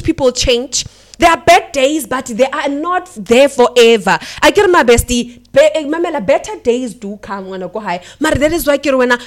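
A woman hosting a radio show, giving encouraging talk with faith themes, switching between languages and repeating catchphrases. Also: fairly high pitch. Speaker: radio host.

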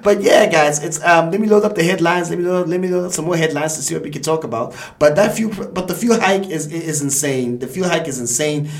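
A man talks through the day's headlines in a loose, chatty way. He repeats phrases as he thinks and laughs easily, and his voice sits a bit high for a man. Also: brisk, vocal fry, few pauses. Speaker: show host. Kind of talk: casual news chat.

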